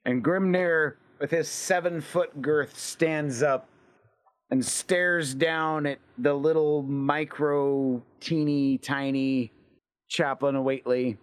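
A man's voice: on the high side, fairly even intonation, takes it slowly. A man narrating his scene as a player in a tabletop role-play, with vivid, descriptive scene-setting.

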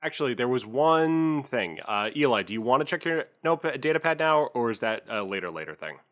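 Man game master, narrating tabletop game, rambling, medium pitch. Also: big pitch swings, a little fast, fairly bright tone. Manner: rambling, many fillers.

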